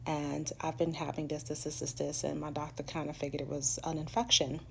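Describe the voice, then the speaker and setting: A woman's voice: low voice, level tone, a little fast, vocal fry, darkish tone, slight background noise. A woman from New York with a New York accent, telling her life story in a candid, profane, casual way and mimicking the people she quotes.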